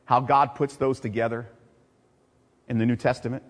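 A middle-aged male pastor preaching a sermon, swinging from loud, emphatic preaching to quiet, personal storytelling. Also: medium pitch, expressive, fast, slightly rough. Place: church sanctuary. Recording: long reverb of a large hall.

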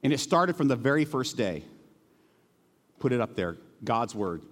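A man's voice: mid-range voice, sing-song, normal speed. Earnest man preaching in a reverberant church. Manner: earnest, emotional, swings from hushed to rising emphatic. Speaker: pastor. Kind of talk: sermon. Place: church sanctuary.

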